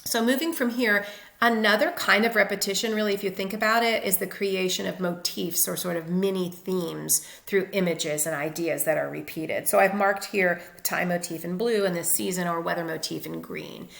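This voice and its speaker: A woman's voice: on the low side, normal speed, gravelly, a bit bright, roomy sound. A woman literature teacher explaining step by step over slides in a recorded lecture. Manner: methodical, explanatory.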